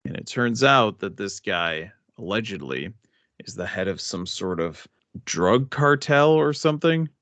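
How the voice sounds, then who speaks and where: Male podcast co-host, somewhat low pitch, dry close sound, rambling delivery. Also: lively intonation, a little slow, a bit bright, dry recording. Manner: rambling, thinks aloud. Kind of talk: casual movie review chat.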